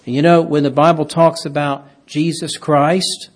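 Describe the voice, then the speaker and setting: A man preaching a sermon, reading scripture aloud and swinging between hushed, slow phrases and raised, emphatic ones. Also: fairly high pitch, little pitch movement. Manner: preaching with dramatic swings from hushed to loud, stretching key phrases.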